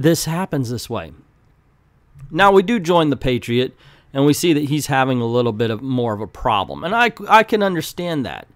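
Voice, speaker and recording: A man giving an opinionated, animated casual review of comic books, talking with his hands. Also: fairly high pitch, no echo. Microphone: close desk mic.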